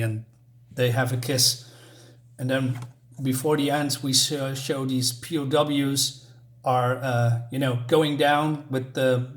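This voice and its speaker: Male comic reviewer, casual and halting, mid-range voice. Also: mid-range voice. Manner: halting, with many restarts and filler words.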